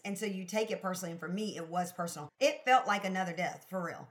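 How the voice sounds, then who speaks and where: A woman guest in a casual interview, telling her story in an expressive, emphatic way and laughing often. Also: on the low side, fast, a crowd in the background. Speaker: podcast guest, sales consultant.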